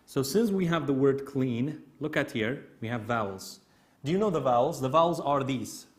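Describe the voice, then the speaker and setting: In an expressive, mid-range voice, a Kurdish-accented man, a native Kurdish speaker, leads an English grammar lesson. He goes step by step, slowly and repetitively, with many "okay?" check-ins.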